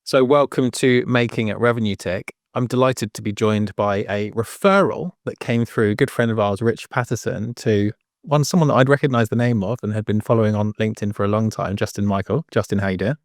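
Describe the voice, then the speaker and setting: An upbeat English man hosting an interview podcast on a video call. His voice sits low with a gravelly edge. The sound is dry and close. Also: fairly quick, no echo. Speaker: podcast host.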